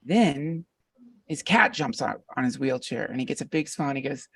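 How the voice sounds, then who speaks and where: A man who is a podcast guest, telling a long story in a rambling, animated way with lots of fillers. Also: mid-range voice, moderate pace, vocal fry, breathy edge, distant mic. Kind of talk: casual storytelling conversation.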